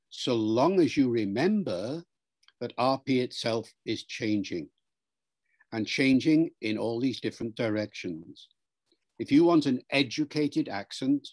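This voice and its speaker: A man's voice: mid-range voice, a little mellow. A man, a linguistics professor, explaining pronunciation in an interview in a lecturing way and demonstrating sounds aloud.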